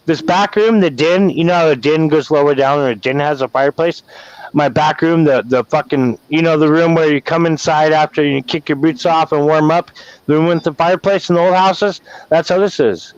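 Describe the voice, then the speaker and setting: A man's voice: a little high, moderate pace, no room sound. Rambling, cursing man on lo-fi audio. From Wyoming. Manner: rambling, profane, emotional. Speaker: guest caller venting. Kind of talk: casual livestream chat. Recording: dull lo-fi sound.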